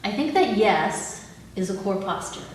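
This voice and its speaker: A woman leading a live audience through body exercises in a calm, instructive way, laughing easily. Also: mid-range voice, a little slow. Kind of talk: live talk with guided exercises. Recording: echoey hall, mic at a distance, audible background noise.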